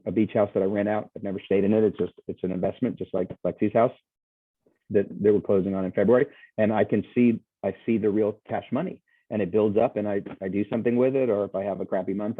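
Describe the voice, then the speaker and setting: A man's voice: on the low side, steady tone, quick pace, no room sound. A man giving a casual, enthusiastic sales presentation as a guest speaker, rambling with frequent restarts, heard over a video call. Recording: tinny phone-like video call audio, dry.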